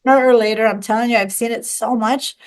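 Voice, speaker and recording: A woman's voice: on the high side, steady tone, fast talker. A woman guest in an interview, speaking in an upbeat, emphatic motivational manner. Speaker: author guest. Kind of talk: conversational interview.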